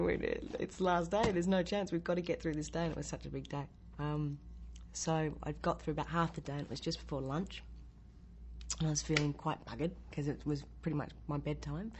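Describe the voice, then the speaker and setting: An actress telling an interview anecdote in a lively way, acting out the lines she quotes. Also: low-pitched, a little fast, slight background noise.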